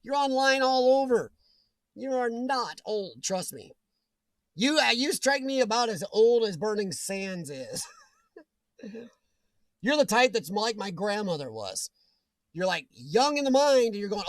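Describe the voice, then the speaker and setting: A middle-aged man chatting on his livestream, his voice high for a man and swinging widely in pitch. He laughs often and cracks jokey asides as he answers viewers. The sound is close and dry. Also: sing-song, unhurried, pauses often, no room sound. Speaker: livestream host. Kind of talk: casual live chat reading viewer comments.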